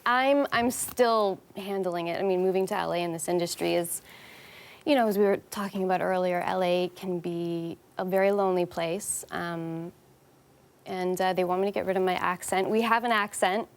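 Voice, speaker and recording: A young Canadian actress as a talk show guest, chatty, warm and quick to laugh. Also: female voice, fairly low pitch, steady tone. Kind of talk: casual interview talk.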